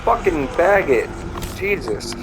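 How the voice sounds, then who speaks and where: A man's voice: on the high side, sing-song, takes it slowly, music in the background, low-quality recording. A man giving casual, profane, rambling commentary while playing a video game, with lots of fillers. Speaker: gamer. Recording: clicking noise in background.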